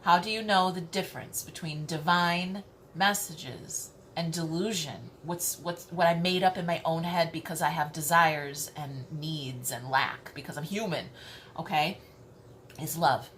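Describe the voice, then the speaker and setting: Lowish-voiced woman doing a spiritual talk, keeps saying okay, swears a bit, faint hum behind. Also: fairly even intonation, a little slow, a bit bright. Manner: emphatic, repeats herself, frequent "okay?" check-ins, swears casually. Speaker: tarot reader. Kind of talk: spiritual teaching monologue.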